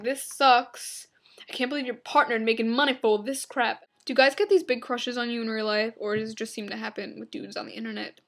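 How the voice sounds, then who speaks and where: A young woman vlogger from Long Island reads out viewer questions and answers them in a blunt, flippant way. Her voice sits a little high for a woman, and she throws in quick offhand asides. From Long Island, New York. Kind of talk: casual Q and A vlog.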